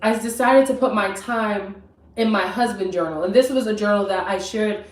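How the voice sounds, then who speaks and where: A woman's voice: mid-range voice, normal speed, far from the mic. Chatty young woman in a roomy kitchen. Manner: chatty, animated, talks straight to viewers. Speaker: vlogger. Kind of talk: casual story time on a live stream. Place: home kitchen. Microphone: camera mic at a distance. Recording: roomy, from off mic.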